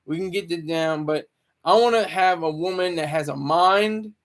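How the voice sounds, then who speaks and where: High-voiced rambling man. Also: moderate pace. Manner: rambling, self-interrupting, stammering restarts. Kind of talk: casual live-stream monologue.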